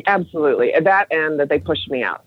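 A lively man in his forties from Chicago tells his story in a relaxed interview, slipping into his own past voice as he acts out what he thought. His voice sits a little high for a man and comes through a thin, phone-like line. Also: fairly quick, slight background noise. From Chicago, USA. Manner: animated storyteller acting out quoted thoughts. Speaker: guest, former educator. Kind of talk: casual interview talk.

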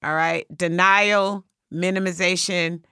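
A woman's voice: on the low side, fairly even intonation, takes it slowly, bright, forceful tone, clear, resonant tone, dry recording, clean studio sound. A woman hosting a podcast, chatting casually and affirming her guest. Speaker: podcast host. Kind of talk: casual chat.

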